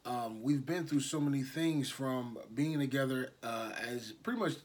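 Husky-voiced man hosting a casual podcast. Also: mid-range voice. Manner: relaxed, halting, slangy. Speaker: podcast host. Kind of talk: casual chat. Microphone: no proper microphone set up.

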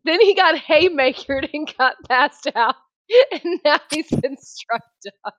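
A woman's voice: sits high, animated, slow, a bit bright. A woman playing in a tabletop game, chatty and full of questions. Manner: chatty, questioning, laughs a lot. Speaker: player. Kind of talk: casual game chat.

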